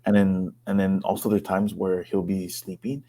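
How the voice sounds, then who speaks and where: A man's voice: low-pitched, flat delivery, normal speed, mellow, slight background noise. A man co-hosting a podcast, talking hesitantly in casual chat, with many "you know"s. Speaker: podcast co-host.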